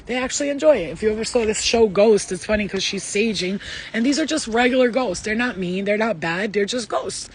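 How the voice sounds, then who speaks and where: A woman's voice: mid-range voice, brisk, slight background noise. Blunt, rambling woman giving a spiritual reading. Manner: rambling, emphatic, blunt with swearing; shifts between loud urging and soft asides. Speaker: spiritual reader. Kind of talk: casual channelled tarot-style reading.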